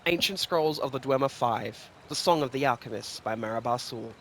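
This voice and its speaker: A man reading fantasy lore stories aloud in an expressive, rhythmic storytelling manner. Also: medium pitch, normal speed, slight background noise. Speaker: lore reader.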